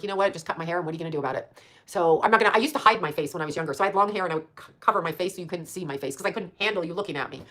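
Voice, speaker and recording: Woman, around sixty, casual livestream chat, quick speech, blunt, profane, rambling, laughs often, mid pitch. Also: a bit bright.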